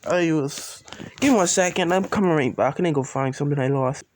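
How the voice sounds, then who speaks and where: A man with a slightly high voice improvises a fan-fiction story into a phone, sometimes from a distance. He rambles, restarts sentences and corrects himself often. The delivery is loose and casual. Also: quick pace, noisy background. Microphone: phone, sometimes far from it.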